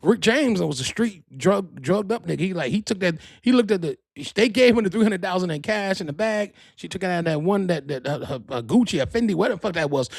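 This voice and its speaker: A man hosting a podcast, telling gossip stories in a profane, rambling, animated way. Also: high voice, quick pace, gravelly, few pauses, no echo, clean studio sound. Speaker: podcast host. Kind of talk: casual storytelling monologue.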